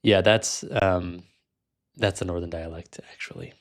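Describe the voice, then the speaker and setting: Casual low-voiced male vlogger. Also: fairly even intonation, measured pace, gravelly. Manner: casual, many fillers, self-correcting. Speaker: vlog host, language learner. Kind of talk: casual chat.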